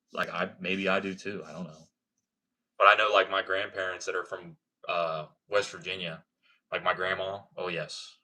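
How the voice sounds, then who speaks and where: With a low-pitched, sharp-toned voice, a young Ohioan with a slight country accent hangs out on a livestream reading comments. He's laid-back and swears freely.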